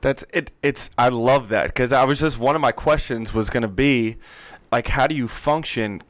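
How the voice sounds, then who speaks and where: A male podcast co-host talks casually in a mid-pitched voice with a dry, close sound. He rambles, leaning on fillers as he works toward his questions. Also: moderate pace, no room sound.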